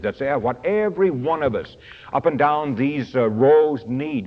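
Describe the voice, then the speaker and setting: A male preacher gives an emphatic sermon, his voice leaping up and down as he leans into key phrases. It comes through a dull, lo-fi radio broadcast. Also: mid-range voice. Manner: emphatic, swings between slow stressed phrases and quick asides. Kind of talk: sermon teaching from a study booklet. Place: large auditorium.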